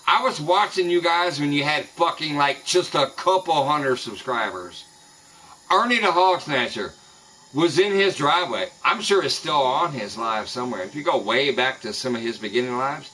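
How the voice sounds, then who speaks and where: During a live stream of a fishing game, a man with a fairly high, bright voice and a forceful tone angrily curses nonstop at rival streamers. The low-quality audio carries a little hiss or hum.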